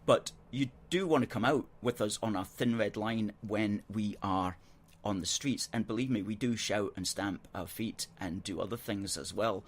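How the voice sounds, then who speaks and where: A man hosting a political call-in show, arguing his points in a measured, earnest way and reading out viewer comments on a studio microphone. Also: fairly low pitch.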